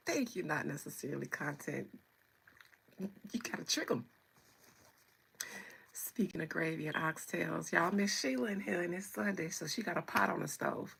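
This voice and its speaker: A woman's voice: on the low side, moderate pace, vocal fry, long pauses, fairly bright tone, slightly rough. A woman hosting a livestream, chatting playfully with viewers and greeting them by name. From United States. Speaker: livestream host. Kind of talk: casual chat with viewers.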